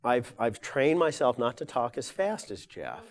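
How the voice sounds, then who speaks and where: A man's voice: medium pitch, very animated, measured pace. An older man giving a live lecture to an audience, rambling along with frequent fillers and self-corrections.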